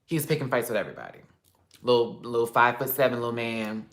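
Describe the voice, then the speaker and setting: A man hosting a casual livestream, telling a story in an animated, expressive way, swearing freely and talking directly to his viewers. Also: mid-range voice, fast. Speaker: livestream host.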